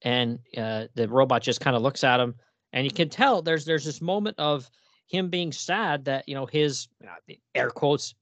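An excited man hosts a casual podcast chat. His voice sits at a middling pitch and sounds dry and close. He laughs often and trips over restarts as he talks. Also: normal speed, dry recording. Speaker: podcast host.

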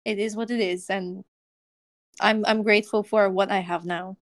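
A woman's voice: mid-range voice, steady tone, moderate pace, dry recording, clean studio sound. A young woman from Russia hosting a casual podcast chat, talking with lots of fillers and laughs. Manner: chatty, laughs often, many fillers. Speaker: podcast host.

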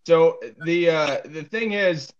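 A man's voice: on the high side, slow pace, muffled recording. A man co-hosting a casual podcast, rambling with many fillers as he reads a news story aloud and laughs along. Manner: rambling, full of fillers, laughs while reading. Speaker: podcast co-host.

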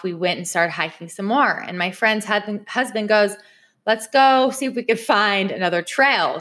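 A woman's voice: medium pitch, bright, forceful tone. A young woman telling a personal story in a chatty way, speaking straight to her viewers. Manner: chatty, addresses viewers directly. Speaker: vlogger.

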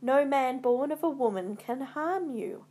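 A woman's voice: high voice, expressive, measured pace, mellow. A woman reading a storybook, voicing the solemn ghost of a murdered man who speaks a prophecy. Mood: ominous.

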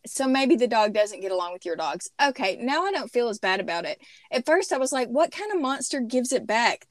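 Animated woman telling a story. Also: a little high, no room sound, studio quality. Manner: animated storyteller, laughs often. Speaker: podcast host. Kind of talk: casual chat.

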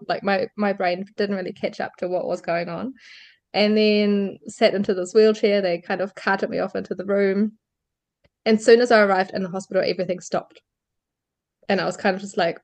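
A woman's voice: mid-range voice, a little fast. A woman guest on a podcast, candidly recounting her birth story and laughing lightly between phrases. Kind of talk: personal birth story in an interview.

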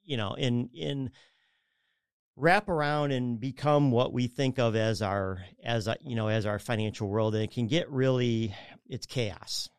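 Clear-voiced man explaining money matters. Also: mid-range voice, measured pace, dry recording, studio quality. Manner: rambling, self-correcting, acts out clients' voices. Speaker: mortgage advisor guest. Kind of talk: casual radio talk explaining finances.

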